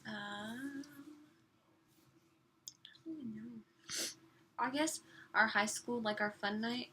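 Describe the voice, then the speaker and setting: Young woman, bright and talkative, casual storyteller, soft room hum. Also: fairly high pitch, takes it slowly. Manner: chatty storyteller with a soft, easy delivery. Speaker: summer youth missionary.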